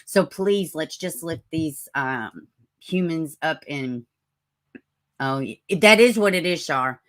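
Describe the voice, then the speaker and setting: A woman hosting a live stream with a raspy voice, chatting casually, greeting viewers by name and reading out news. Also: low voice, animated, slow. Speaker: livestream host.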